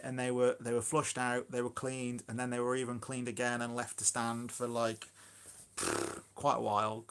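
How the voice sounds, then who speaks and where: A man chats loosely on a phone live stream, speaking at a middle pitch. He rambles and pokes fun at himself. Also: fairly bright tone. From Shropshire, England. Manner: rambling, chatty, self-deprecating, full of fillers. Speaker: allotment gardener and live streamer. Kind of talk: casual live-stream chat.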